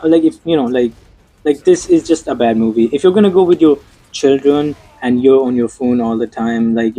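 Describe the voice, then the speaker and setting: A young man rants through a casual movie review, frustrated and swearing freely, tripping over fillers and restarts. His voice sits dark and mellow, with a husky, slightly rough edge. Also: mid-range voice, low-quality recording.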